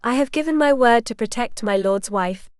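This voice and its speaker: Lady reading a loyal knight guy, earnest and protective, clear dry audiobook voice. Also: fairly high pitch, lively intonation, moderate pace, no room sound, close to an everyday voice. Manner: earnest, urgent.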